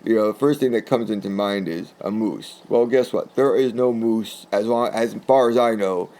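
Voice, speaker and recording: A man from New England recounts a personal story in loose, rambling, conversational speech. His voice has a gravelly, creaky grain, and he chuckles often while telling it. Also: fairly low pitch, normal speed, dark tone. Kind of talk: casual spoken anecdote.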